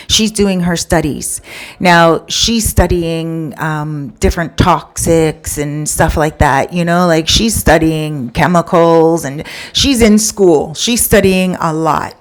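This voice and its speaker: A woman with a fairly low voice spinning a casual story. She keeps it chatty and conversational, throwing in asides to the listener as she goes. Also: takes it slowly.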